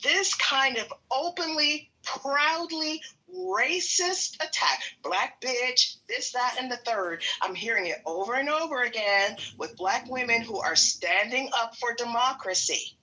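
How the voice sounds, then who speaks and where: A woman's voice: a little high, unhurried, few pauses, bright, forceful tone, poor audio. A woman panelist who earnestly raises a question in a panel discussion.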